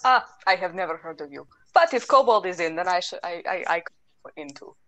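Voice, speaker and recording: A woman's voice: lowish voice, expressive, fairly quick, fairly bright tone. A woman voicing a blunt, puzzled orc adventurer in a tabletop game. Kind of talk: playing a tabletop game character.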